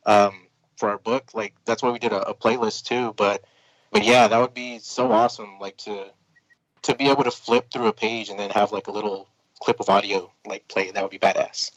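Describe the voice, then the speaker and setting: A man's voice: fairly low pitch, flat delivery, moderate pace, no echo, rough recording. A man, a comic book creator, chatting casually as a podcast guest, rambling with lots of fillers and restarts.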